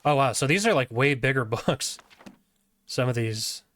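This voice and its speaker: A man's voice: medium pitch, animated, measured pace, fairly bright tone. A man streaming a fantasy video game, chatting casually and laughing easily as he plays. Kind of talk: casual gameplay commentary.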